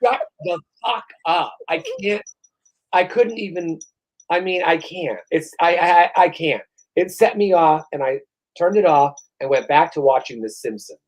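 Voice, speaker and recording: A man's voice: a little high, animated, moderate pace, darkish tone, rough recording. A middle-aged man co-hosting a podcast, ranting in a casual, profane and exasperated way while worn out after a shot. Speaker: podcast co-host. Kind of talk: casual chat.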